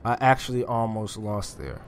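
A man giving casual gameplay commentary, excitable, swearing often and taunting enemies as he plays. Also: on the low side, moderate pace, a little hiss or hum.

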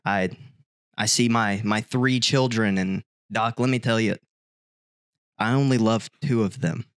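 Mopey heartbroken moth guy spilling his sorrows slowly to the doc, a man doing the bit, dry close sound. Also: on the low side, dry recording. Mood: despairing. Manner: slow, mournful confession to a doctor. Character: gloomy heartbroken male moth. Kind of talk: comedic bit told on a podcast.

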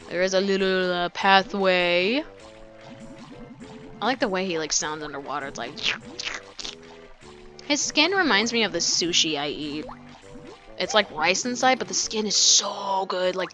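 Woman gamer, lively and rambling; casual let's play commentary with swearing. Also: medium pitch.

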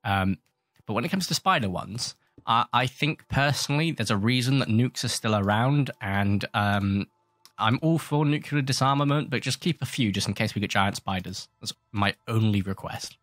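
A man's voice: on the low side, measured pace, a bit bright, no echo. A man hosting a gaming channel, giving rambling, jokey, self-mocking commentary while he scolds the creatures in his game. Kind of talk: casual gameplay commentary.

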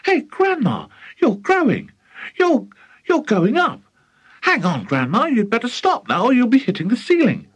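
A man's voice: high voice, wildly swooping pitch, a little slow, few pauses, a bit bright, voice pushed up, full character voice. A man reading an audiobook, voicing an anxious, polite young boy who pleads and frets. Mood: fretful. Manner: pleading, fretful.

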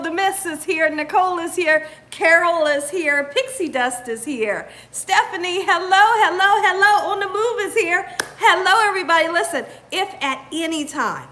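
A woman hosts a live cooking stream, her voice high and bright. She talks in a lively, upbeat way, calling out viewers by name as they arrive. She sounds relaxed and chatty. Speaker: cooking channel host. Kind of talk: livestream chat greeting viewers.

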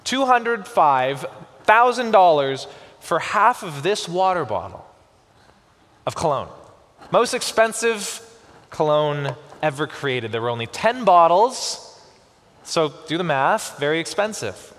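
A man preaching a sermon as pastor, with expressive delivery and slow, emphatic pauses on key words. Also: a little high. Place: church sanctuary. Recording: long church reverb.

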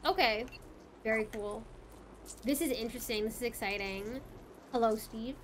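A woman streaming live gameplay, excitable, gasping often and swearing in delight as she plays. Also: on the high side, moderate pace, pauses often, slight background noise. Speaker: gaming streamer. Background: game music.

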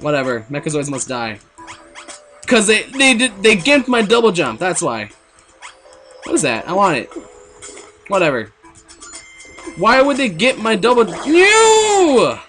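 A young man giving jokey, excitable commentary while playing a video game, with sudden outbursts. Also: sits high, a little slow, pauses often, soft background music. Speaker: let's play gamer. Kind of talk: goofy gameplay commentary.

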